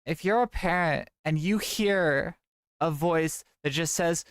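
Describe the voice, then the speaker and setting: Young woman streamer, slow unhurried talk, smooth voice, dry close sound. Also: deep voice, dry recording. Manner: chatty, rambling, reads chat aloud. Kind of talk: casual livestream chat.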